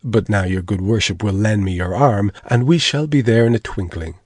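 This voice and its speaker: A man's voice: fairly low pitch, moderate pace, dry recording, studio quality, lightly acted. A man voicing an old village woman who is secretly a witch, chattering in a gossipy way. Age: over 60.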